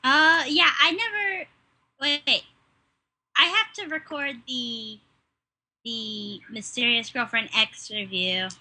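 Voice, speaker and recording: A young woman co-hosting a casual podcast, animated and emphatic. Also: fairly high pitch, slow pace, rough recording. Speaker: podcast co-host. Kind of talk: casual chat.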